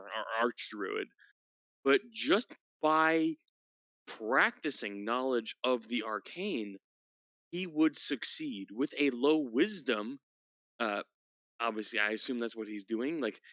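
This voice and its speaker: Excited guy at a tabletop game, bright tense voice, dull lo-fi sound. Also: mid-range voice, dry recording. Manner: animated, emotional, laughing often. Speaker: player. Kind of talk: tabletop game role-play chat.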